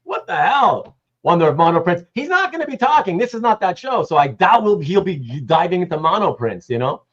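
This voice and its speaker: A man's voice: sits high, big pitch swings, fairly quick, fairly bright tone, highs cut off. A man hosting a casual livestream, rambling and greeting chat viewers by name, with some casual swearing. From Canada. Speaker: livestream host.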